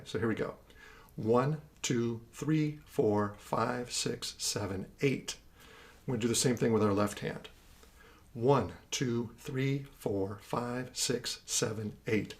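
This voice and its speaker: A man leading listeners through a guided exercise. He counts along in rhythm with lively energy and keeps his pitch in a middle range. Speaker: instructor.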